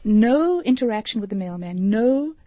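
Mellow, husky woman. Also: fairly high pitch, animated, moderate pace, no echo. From South Africa. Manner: earnest, explanatory, gives anecdotes. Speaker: social worker guest. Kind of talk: radio interview.

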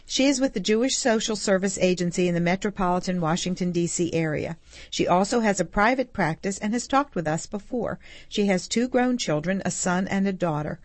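Measured woman radio co-host. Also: medium pitch, animated, no room sound. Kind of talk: scripted introduction and interview.

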